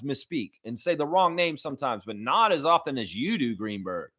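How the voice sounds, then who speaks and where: A man hosting a sports reaction livestream, his pitch swinging widely as he reads chat and vents. He talks casually and slips into profane rants. The sound is dry, with no room echo. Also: fairly quick, few pauses. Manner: animated, profane ranting. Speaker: livestream host.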